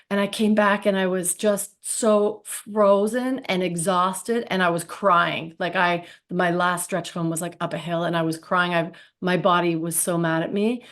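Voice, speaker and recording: A woman in her thirties, a podcast guest, telling a personal story in a chatty way with many restarts. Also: lowish voice. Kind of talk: casual storytelling.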